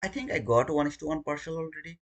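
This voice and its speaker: A man's voice: fairly high pitch, expressive, quick pace. A man streaming his day trading live, talking through the chart and alternately pleading with the market and scolding himself.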